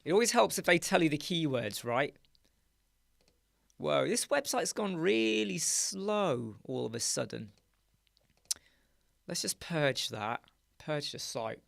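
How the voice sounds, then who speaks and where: A man hosting a casual live stream, chatting and muttering asides as he works on a website in a dark home studio with soundproof panels. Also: a little high, big pitch swings, slow, creaky, long pauses, dry recording. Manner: chatty, muttering asides while working on screen. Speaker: live stream host, web designer. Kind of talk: casual live-stream chat while working.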